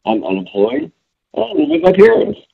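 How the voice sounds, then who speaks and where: A man retelling a story and quoting a glum, hapless middle-aged sitcom man in a plain, deadpan voice. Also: moderate pace, phone-quality sound, lightly acted. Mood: sulky.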